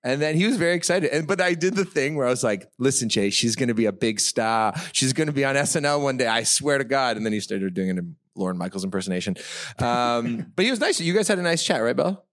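A man's voice: medium pitch, expressive, quick pace, a bit bright, no echo, clean studio sound. A man co-hosting a live podcast, telling self-mocking stories and laughing often as he goes. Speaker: podcast co-host. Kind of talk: casual storytelling on a live podcast. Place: festival stage before a live audience.

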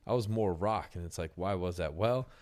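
Young man, fairly low voice, casual podcast host, swears a lot, rambling restarts. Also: moderate pace, darkish tone. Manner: loose, swears often, trails off and restarts.

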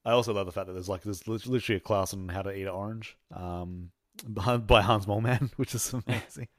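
A man's voice: fairly low pitch, fairly even intonation, fast talker, dry recording, studio quality. Giggly guy, lots of likes. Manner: laughing often, many fillers. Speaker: podcast co-host. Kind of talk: casual chat.

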